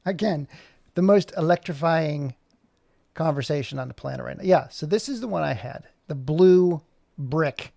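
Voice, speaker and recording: A man streaming his animation work, chatting casually and thinking aloud in a rambling, jokey, self-mocking way while he fumbles with his software. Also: fairly high pitch, expressive, moderate pace, vocal fry, no room sound, studio quality. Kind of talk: casual live-stream chat.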